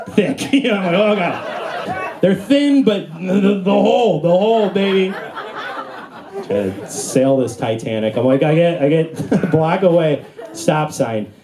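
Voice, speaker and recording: A young man performing a stand-up comedy set on a club stage. His storytelling is animated, and he jumps into high, squeaky voices for the characters he acts out. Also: background noise. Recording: live audience laughter throughout.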